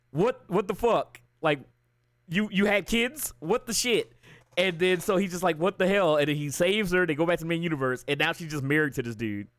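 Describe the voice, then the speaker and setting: On a livestream, a man with a higher, smooth voice chats casually in clean studio sound with no echo. He rants while retelling a story, swearing heavily and storytelling with animation.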